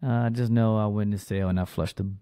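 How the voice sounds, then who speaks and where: A man's voice: fairly low pitch, steady tone, quick pace, dark tone, smooth, dry recording, studio quality. A man casually telling a personal story in a loose, profane, slangy way.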